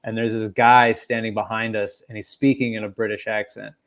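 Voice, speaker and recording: A man co-hosting a comedy podcast, telling stories in a casual, profane and animated way. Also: fairly low pitch, brisk. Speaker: podcast co-host.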